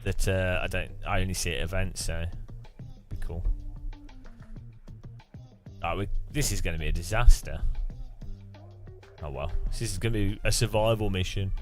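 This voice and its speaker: A man's voice: low voice, moderate pace, pauses often, soft background music. A man chatting casually on stream while sim racing, rambling and joking at his own expense. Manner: rambling, jokey, self-mocking.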